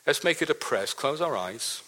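A man's voice: on the high side, expressive, fairly quick, pushed and bright. A man preaching a sermon as a pastor, emphatic, leading the congregation in reciting a verse. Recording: long hall reverb.

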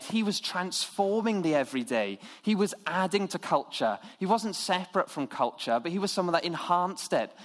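A man preaching an earnest, conversational sermon to his church. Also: fairly high pitch. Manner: earnest, conversational, with lively imitated voices.

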